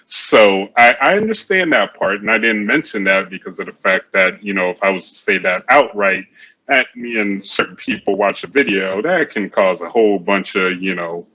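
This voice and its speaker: A man's voice: on the low side, expressive, moderate pace, pushed and bright, dull audio. A man co-hosting a casual sports chat show, rambling and often repeating himself. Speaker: podcast co-host.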